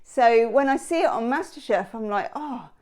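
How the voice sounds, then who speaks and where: Female tarot reader, rambling and enthusiastic, pitched a touch high. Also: expressive, moderate pace, a little mellow. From England. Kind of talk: casual tarot reading chat.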